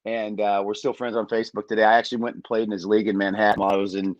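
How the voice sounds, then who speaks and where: A man's voice: lowish voice, rapid-fire, dry recording, dull audio. A middle-aged man from Michigan, a podcast guest telling long stories, acting out what people said and swearing freely. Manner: animated storyteller, acts out quotes, swears freely. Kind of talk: storytelling on a sports podcast.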